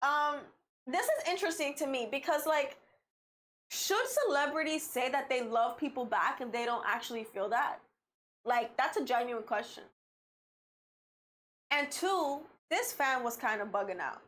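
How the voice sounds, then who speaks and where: A woman's voice: high-pitched, lively intonation, measured pace, a bit bright. A woman co-hosting a casual podcast, blunt and opinionated, reading social media posts aloud and reacting to them. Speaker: podcast co-host. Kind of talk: casual chat.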